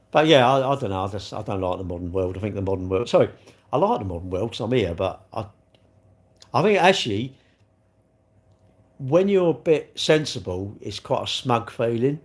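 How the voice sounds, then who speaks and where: A man chatting casually on a livestream from his sofa at home, reading the chat and joking in a cheeky, rambling way. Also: mid-range voice.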